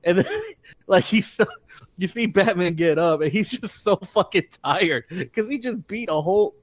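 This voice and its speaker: A man's voice: high voice, expressive, normal speed, no echo. A man co-hosting a podcast, telling stories in a casual, profane way and laughing often. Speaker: podcast co-host. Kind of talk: casual chat. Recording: dull lo-fi, dry.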